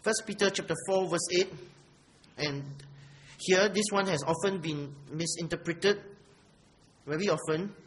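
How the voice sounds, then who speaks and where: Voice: medium pitch, measured pace, pauses often, slight background noise, poor audio. A preacher giving a sermon and reading verses aloud. The preacher speaks emphatically, checks in with the congregation by asking "right?" again and again, and often repeats words while searching for the next phrase. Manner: emphatic, with rising rhetorical questions. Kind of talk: sermon, Bible exposition.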